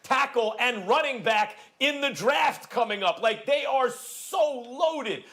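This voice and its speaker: High-voiced man arguing sports stats. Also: lively intonation, takes it slowly, sharp tone. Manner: emphatic, stat-heavy arguing with stammered restarts. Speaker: sports debate panelist. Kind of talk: heated sports debate.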